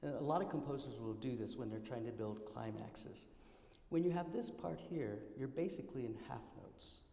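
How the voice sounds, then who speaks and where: A man's voice: medium pitch, normal speed, gravelly. A man giving a public piano masterclass, counting beats aloud, scatting rhythms and explaining phrasing to a student. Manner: sings and scats rhythms loudly between quiet explanations. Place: recital hall. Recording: roomy hall, piano playing behind.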